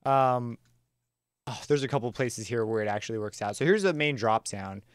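A man teaching a casual music production tutorial, talking in a relaxed, chatty way with slang and plenty of fillers and self-corrections. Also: mid-range voice, normal speed. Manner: enthusiastic, uses slang. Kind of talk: casual screen-recorded software tutorial.

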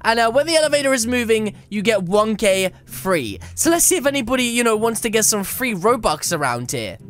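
A woman's voice: a little high, sing-song, fairly quick. A woman making a gameplay video, narrating with dramatic commentary, scolding other players and letting out yelps and shrieks.

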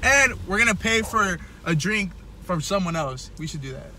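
A man's voice: high voice, lively intonation, normal speed, sharp tone, a little hiss or hum. Playful young man vlogging from his car. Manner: playful, laughing, addressing viewers as guys. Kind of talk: casual vlog chat.

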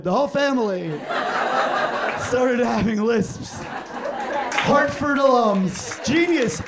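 A man's voice: very high voice, unhurried, vocal fry, crowd noise, background noise. A man in his forties doing a stand-up comedy set on a club stage, telling stories and acting out the exchanges in them. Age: 40s. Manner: animated storytelling, acting out quoted exchanges. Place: comedy club stage before a live audience.

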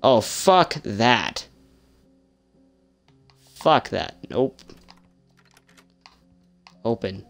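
Low, slow-talking young man swearing through a game. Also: a bit bright, soft background music. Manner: swears a lot, jumpy and sarcastic. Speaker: gameplay streamer. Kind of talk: casual gameplay commentary.

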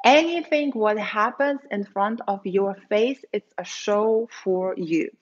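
A woman giving dating advice as a coach, talking straight to her viewers and acting out quoted lines. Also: slow pace. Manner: animated, acts out quoted lines in a higher voice. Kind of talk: advice monologue to camera. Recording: slightly dull, lo-fi audio.

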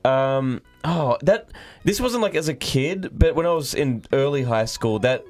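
A man's voice: mid-range voice, lively intonation, measured pace, a little mellow. A young man in casual chat, easygoing and joking along with friends. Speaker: podcast co-host.

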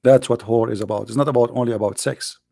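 A man's voice: medium pitch, steady tone, quick pace, creaky, dark tone, dry recording, studio quality. An English speaker who hosts a debate show and argues combatively and sarcastically in broken English, restarting his phrases often. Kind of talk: heated religious debate.

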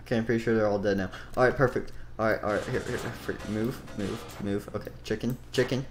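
A man's voice: lowish voice, fairly even intonation, quick pace, slight background noise, natural voice. A man voicing Springtrap, a goofy animatronic rabbit. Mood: busy. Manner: rambling, playful, mutters while busy. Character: goofy male animatronic rabbit searching for someone. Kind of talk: improvised game role-play.

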